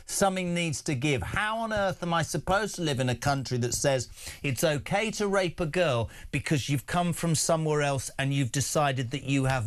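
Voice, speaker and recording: A man hosting a breakfast talk show, speaking in an indignant, emphatic way as he gives his opinions. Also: a little high. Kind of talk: opinionated radio debate.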